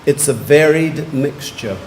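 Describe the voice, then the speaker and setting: A man, pronouncing words clearly and giving short definitions at a spelling competition. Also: on the high side, darkish tone, a little hiss or hum. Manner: measured, repeats each word clearly and gives brief definitions. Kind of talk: formal word pronouncing at a competition. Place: large museum hall.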